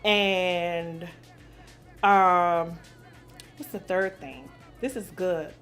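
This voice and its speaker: A woman in her forties with a bright, forceful voice that sits a little low, answering questions in a relaxed chat. She talks bluntly and swears freely, and she laughs easily. Soft music plays underneath. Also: extremely slow, smooth. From New Orleans, USA. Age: 40s. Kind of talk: casual chat.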